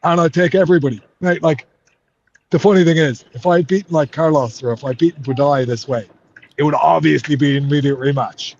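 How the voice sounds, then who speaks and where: Heated Irish fighter, swearing freely. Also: male voice, a little high, fairly quick, a little mellow, dull audio, a little hiss or hum. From Ireland. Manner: heated, swears a lot, says mate. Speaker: MMA fighter. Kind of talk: interview.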